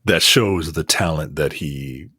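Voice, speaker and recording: A man's voice: a bass voice, slow pace, bright, forceful tone, slightly rough, no echo, clean studio sound. A man co-hosting a podcast, chatting casually about movies, half joking, with many restarts. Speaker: podcast co-host.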